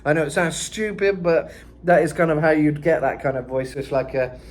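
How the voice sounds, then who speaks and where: A man's voice: a little high, normal speed. A man giving a casual singing lesson, explaining in a loose, rambling way with lots of fillers. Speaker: vocal coach.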